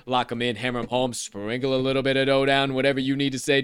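A man's voice: mid-range voice, monotone, fast, hardly any pauses, fairly bright tone, smooth, dry recording, studio quality. A man co-hosting a sports betting podcast, reading his picks in a laid-back, folksy way. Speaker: co-host of a football betting podcast. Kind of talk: casual sports podcast chat.

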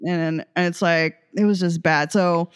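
A woman's voice: on the low side, fairly even intonation, measured pace, smooth. Rambling, laughing woman host. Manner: rambling, laughing, acts out quoted voices. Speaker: podcast host. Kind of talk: casual storytelling chat.

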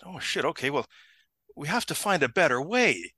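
A middle-aged man spins a funny story in casual chat, his voice bright and forceful. He is animated and laughs often, acting out the people he talks about. The sound is dry and close. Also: fairly high pitch, moderate pace, breathy edge, no echo.

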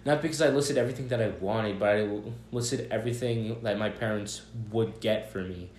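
A young man co-hosts a podcast, swearing a lot and telling rambling stories in casual chat. His lowish voice is brisk and a little mellow. The room is echoey, with slight background noise.

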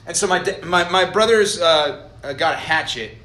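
A man's voice: fairly high pitch, moderate pace, sharp tone. A young man from Idaho preaching a casual storytelling sermon as a college ministry director, chatty and self-deprecating, joking with his audience. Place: college meeting hall. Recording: echoey hall.

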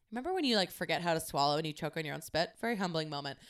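A young woman hosting her own podcast, telling a story in a casual, chatty way with lots of swearing and animated quoting. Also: low-pitched, quick pace. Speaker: podcast host.

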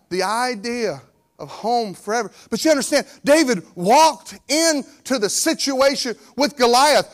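High-voiced man preaching with swings in volume. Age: 40s. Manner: lively preaching that acts out the story characters, swinging from loud to quiet. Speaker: pastor. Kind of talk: sermon.

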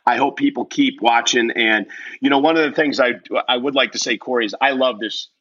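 Bright, husky man spinning a lively story. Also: medium pitch, fairly quick, muffled recording. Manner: lively storyteller, laughs often. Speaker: wrestling commentator telling a story as a guest. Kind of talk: animated personal anecdote.

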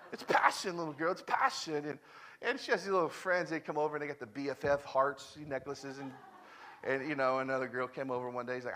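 With a fairly high pitch and a slightly fast delivery, a male guest preacher in his thirties or forties gives a conversational sermon drawn from personal stories. He emphatically repeats phrases, alternating loud declarations with hushed, quiet stretches.

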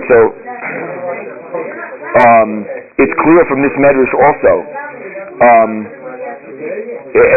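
A man teaching a religious text class, reading passages aloud and translating them line by line in a halting, repetitive way. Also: mid-range voice. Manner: halting, repeats words while translating aloud. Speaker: Torah teacher. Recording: phone-like radio broadcast.

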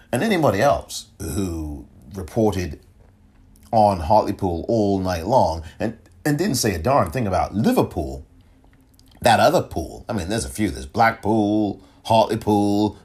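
A man with a low voice hosts his own political podcast, speaking on his own. His delivery is lively and emphatic, with pitch that swings widely. He often breaks off mid-thought and starts again. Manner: animated, emphatic, self-interrupting. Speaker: podcast host. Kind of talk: solo political commentary.

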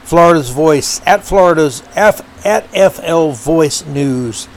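A man's voice: fairly high pitch, lively intonation, takes it slowly, slight background noise. A man hosting his own podcast, giving heated, indignant political commentary with frequent fillers and restarts. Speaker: podcast host.

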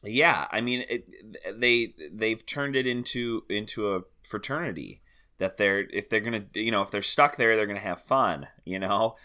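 A man's voice: fairly low pitch, moderate pace, pushed and bright. A man co-hosting a podcast, chatting casually about a film, hesitant and full of fillers. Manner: hesitant, many fillers and restarts, easy laughs. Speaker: podcast co-host.

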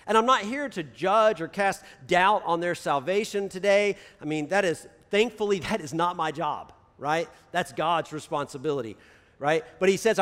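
A man delivers a relaxed sermon at breakneck speed, cramming ideas together and checking in with "right?" His voice sits high for a man. The sound carries the long reverb of a big church hall. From United States. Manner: talks very fast, crams ideas together; casual, peppered with "right?". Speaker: pastor. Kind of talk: conversational sermon.

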